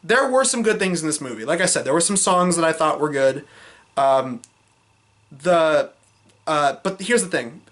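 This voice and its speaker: A man talking through a film in a loose, off-the-cuff review vlog. His voice sits a bit high, and he hedges and restarts as he goes, blunt and fed up with the weak parts. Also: expressive, moderate pace, a bit bright. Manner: rambling, with many fillers and restarts; frank, exasperated criticism.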